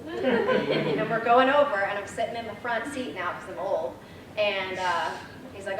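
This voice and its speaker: A woman's voice: medium pitch, measured pace, a crowd in the background. Young woman telling funny stories in an echoey hall. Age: 20s. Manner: chatty, laughing, storytelling with many fillers. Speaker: granddaughter giving a eulogy. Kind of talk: memorial speech with funny stories. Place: memorial service hall. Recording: echoey hall, distant mic, noisy room.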